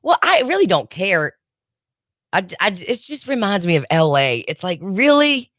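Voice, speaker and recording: A woman's voice: lowish voice, very animated, moderate pace, a bit bright, no room sound, clean studio sound. A woman hosting a radio show, chatting casually with a wry, sarcastic edge. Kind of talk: casual morning radio banter. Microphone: studio microphone.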